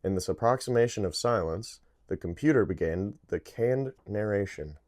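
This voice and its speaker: A man with a low, deep voice reads a science fiction novel aloud in an easygoing, unpolished way. He trips over words now and then and simply corrects himself and carries on. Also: animated, normal speed, a little mellow. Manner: casual reading with stumbles and self-corrections. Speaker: book reader.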